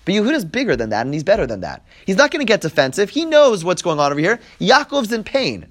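A Bible teacher leads a text-study class in a high-pitched, fast voice that swoops wildly and sounds a bit bright. He reads verses aloud, translates them line by line, and acts out the quoted speakers. Explaining step by step, he keeps checking in with "right?"

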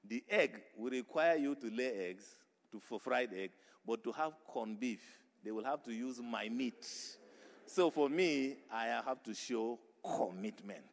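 A man voicing a calm, prayerful cow in a parable, speaking slowly and gravely. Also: medium pitch. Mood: calm resolve. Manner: slow, measured, grave. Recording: reverberant hall.

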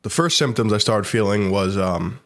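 A man's voice: on the low side, moderate pace. A young man co-hosting a podcast remotely, talking casually while sick, his voice stuffy and congested, swearing and laughing often. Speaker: podcast co-host. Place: not in the studio.

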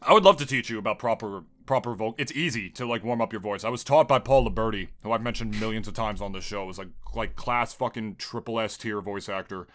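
Bright-voiced joking male podcast host. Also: fast, few pauses. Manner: joking, swears a lot, bursts into high laughing shouts. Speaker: Smash commentator. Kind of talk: crude casual banter.

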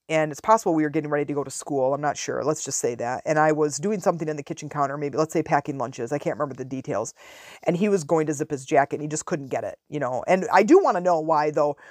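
A woman's voice: deep voice, a little mellow, no echo, studio quality. A woman in her forties telling a parenting story in a frank, casual monologue as a podcast host. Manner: frank, conversational, drawn-out emphasis.

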